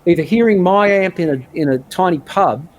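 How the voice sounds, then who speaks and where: A man talking as a guitarist guest in a casual podcast chat, an animated storyteller who mimics other players. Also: high-pitched, brisk.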